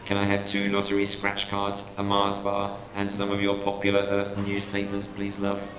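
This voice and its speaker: Comedy radio-sketch alien customer, deep, solemn and courteous; roomy, noisy recording. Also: female voice, monotone, moderate pace. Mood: polite. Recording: roomy, with clear background noise.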